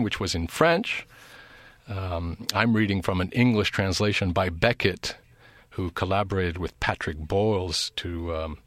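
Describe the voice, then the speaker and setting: A man giving an academic literature lecture in a measured, thoughtful way, pausing between phrases. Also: low voice, fairly bright tone, no room sound, studio quality.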